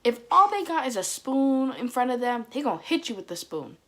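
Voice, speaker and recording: Animated young woman telling family stories. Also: high-pitched, a little fast. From Dominican family. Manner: animated, mimics her mother's scolding, rising to loud bursts. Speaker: vlogger. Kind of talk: casual comedic storytelling to camera.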